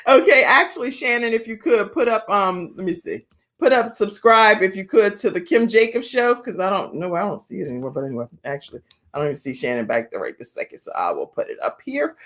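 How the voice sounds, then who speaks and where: A woman's voice: mid-range voice, lively intonation, brisk, fairly bright tone. A woman hosting an online talk show, chatty and encouraging, often breaking into laughter.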